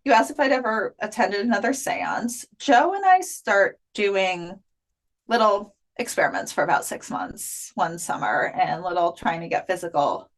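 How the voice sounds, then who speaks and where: A woman's voice: medium pitch, normal speed. A woman being interviewed as an afterlife researcher, telling her experiences in a chatty way with many fillers. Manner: chatty, frequent filler "like", animated retelling. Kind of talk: casual interview storytelling.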